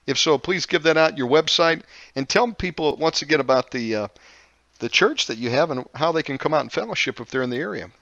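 A man's voice: fairly high pitch, expressive, a little fast, a bit bright, no echo, muffled recording. A man hosting a Christian talk show, telling a family story casually with many fillers and restarts. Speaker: show host.

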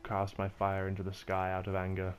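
A man's voice: low voice, monotone, fairly quick, a little hiss or hum. A young man chatting sarcastically as he plays through a game, with exasperated asides. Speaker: gaming video host. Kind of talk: casual let's play commentary.

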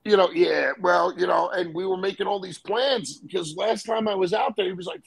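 High raspy man, slangy chat. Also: a little fast, no room sound, poor audio. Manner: profane, slangy, calls people "bro". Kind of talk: casual chat.

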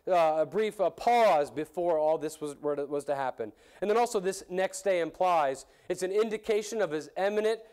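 A man's voice: sits high, a little mellow. A man preaching a sermon in an earnest way, restarting and repeating phrases, his voice rising when he voices the crowds.

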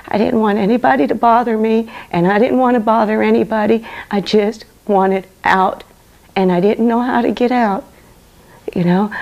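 A woman giving an earnest personal testimony, halting and repeating phrases as she speaks. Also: fairly high pitch, creaky, a little mellow.

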